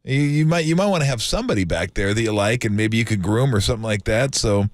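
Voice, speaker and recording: A male co-host with a lowish voice talks through football roster needs in a relaxed, rambling way. He hesitates and restarts often, and his studio microphone sounds close and dry. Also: fast, no echo. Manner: loose, filler-heavy, conversational. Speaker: radio sports talk co-host. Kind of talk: sports radio analysis.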